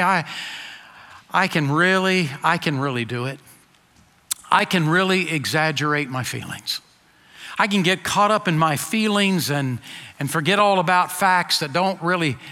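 A man preaching a sermon in an earnest voice that swings from emphatic peaks to quiet low asides. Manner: earnest, rising to emphatic then dropping soft. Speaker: pastor. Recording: long hall reverb.

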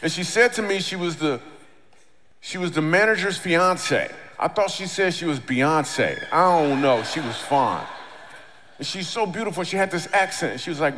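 A middle-aged man on stage doing stand-up storytelling, animated, acting out the lines of the people in his story. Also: fairly high pitch, normal speed, slight background noise. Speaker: comedian and speaker. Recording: long reverb of a large hall.

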